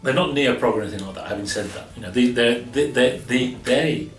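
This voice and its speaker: A man's voice: medium pitch, brisk. A man casually chatting as co-host of an album review show, rambling and laughing often. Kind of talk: casual chat. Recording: roomy, slightly distant sound with faint music.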